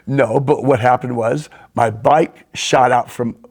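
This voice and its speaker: A man hosting a podcast, telling animated anecdotes in a casual storytelling style and throwing in sound effects. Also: mid-range voice, slow. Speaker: podcast host.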